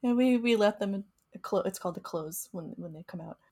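Warm-toned and a little fast, a young mosquito researcher explains her work in relaxed podcast conversation as co-host, often laughing and restarting her sentences at a medium pitch.

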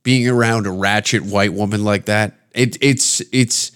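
A man's voice: on the low side, fairly even intonation, measured pace, a bit bright, clear, resonant tone. A man from Canada hosting a podcast, ranting in a crude, rambling comedic way and slipping into put-on voices. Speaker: podcast host. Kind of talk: casual comedic rant.

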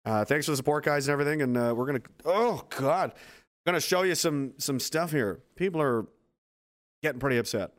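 A man hosting a casual livestream, reading viewer comments and answering them with sarcastic, profane, rambling asides. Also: medium pitch. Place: at home base on a hot day.

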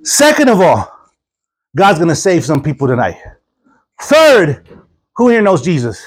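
A man's voice: a little high, a little slow, slightly rough. A man preaching a storytelling sermon, acting out the voices in his story and laughing often with the congregation. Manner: animated, acts out quoted voices.

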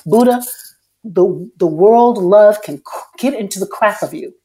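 A woman guest speaks candidly in an interview, in a mid-range voice. She is plain-spoken and curses now and then, and her delivery swings between hushed and loud. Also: medium pitch, a little slow. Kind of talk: candid personal storytelling.

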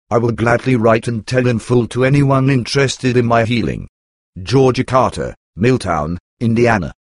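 A man reading a religious testimony aloud in a steady, earnest way. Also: on the low side, dry recording, studio quality. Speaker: reader. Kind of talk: scripted narration of a religious testimony.

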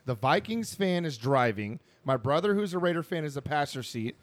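A man's voice: a little high, sing-song, brisk, no echo. A man casually telling a rowdy story to friends, swearing a lot, acting out voices and laughing as he goes. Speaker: podcast co-host telling a story.

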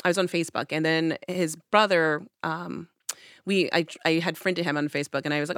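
A woman telling a personal story in casual conversation, acting out her own past lines with lively emphasis. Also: fairly low pitch, brisk, clear, resonant tone, dry recording, clean studio sound.

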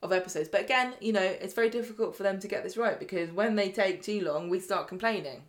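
A woman's voice: medium pitch, quick pace. A tired woman losing her voice, casually recapping soap scenes as a podcast co-host and acting out the characters' lines. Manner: animated, acts out characters' lines. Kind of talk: casual chat, retelling scenes.

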